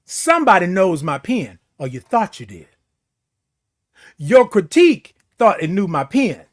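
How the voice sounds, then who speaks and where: A man's voice: high voice, big pitch swings, measured pace. A man hosting a motivational morning talk, preaching self-worth with repetition and playful beeping sounds. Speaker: host. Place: seated in a chair.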